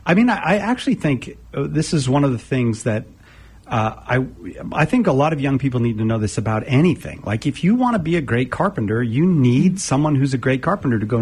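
Lively husky-voiced male host. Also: medium pitch, brisk. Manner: enthusiastic, lively interviewer. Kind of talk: casual chat.

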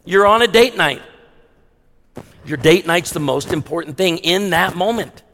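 High-voiced pastor preaching in a hall. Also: male voice, unhurried, a little hiss or hum. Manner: animated, shifts between hushed emphasis and loud punchy delivery. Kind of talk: sermon. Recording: long reverb of a large hall.

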